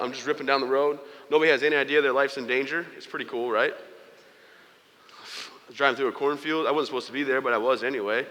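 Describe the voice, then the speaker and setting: A man's voice: mid-range voice, bright, forceful tone, long reverb tail. A young man giving a humorous motivational speech, telling stories with playful asides to the audience. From United States. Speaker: keynote speaker.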